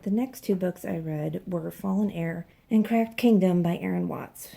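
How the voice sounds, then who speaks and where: A woman's voice: lowish voice, moderate pace, gravelly, mellow. A woman doing a casual book wrap-up vlog, chatty and candid. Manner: chatty, candid, occasional swearing. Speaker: book vlogger.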